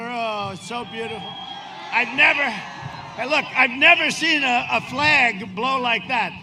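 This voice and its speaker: A man in his seventies giving a boastful, rambling campaign speech with sarcastic asides at a windy outdoor rally. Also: extremely high pitch. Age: 70s. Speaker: politician addressing a rally.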